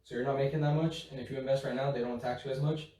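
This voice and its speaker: A man's voice: medium pitch, fairly even intonation, rapid-fire, mellow. A young man, a podcast guest, chatting casually, explaining things plainly and cracking jokes with some swearing. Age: young adult. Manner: explains things matter-of-factly, jokes and laughs a lot, swears. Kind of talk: casual chat. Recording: echoey room, mic at a distance.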